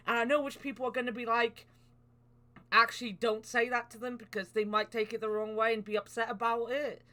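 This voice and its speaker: A woman hosting a podcast in casual chat, animated and swearing freely. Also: fairly high pitch. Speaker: podcast host.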